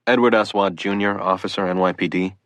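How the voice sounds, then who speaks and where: A man's voice: deep voice, fairly even intonation, fairly quick, fairly bright tone, dry recording. A man reading first-person witness accounts for an audiobook in a plain conversational way. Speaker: audiobook reader.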